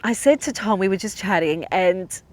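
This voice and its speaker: A woman's voice: mid-range voice, lively intonation, moderate pace, dry recording. A woman hosting a podcast, telling a personal story in a chatty, emotional way with lots of filler words. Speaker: podcast host.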